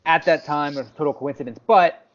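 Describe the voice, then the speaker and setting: A man's voice: a little high, fast talker. A man co-hosting a podcast, telling a story in casual chat and acting out what others said. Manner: animated storyteller, acts out quotes. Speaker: podcast co-host. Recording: slightly dull lo-fi audio.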